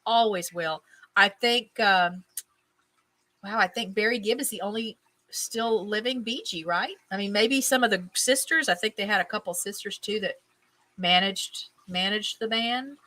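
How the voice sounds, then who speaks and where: Woman, host, bright forceful voice, casual read-aloud, stumbles on names, musing asides. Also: medium pitch, unhurried, poor audio. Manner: reads items aloud, trips over names, adds chatty musing asides. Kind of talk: casual livestream chat, reading aloud.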